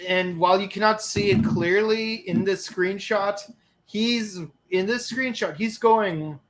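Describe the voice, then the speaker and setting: Excitable casual co-host, quick restarts, mid-range voice. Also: medium pitch, slight background noise. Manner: excitable, repeats words as he starts. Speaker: podcast co-host. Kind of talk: casual review chat.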